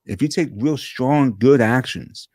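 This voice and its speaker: A man, a guest coach, telling a story in an energetic, animated conversational way over a video call, full of quick restarts. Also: medium pitch, no room sound, studio quality. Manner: fast, animated talker with frequent restarts.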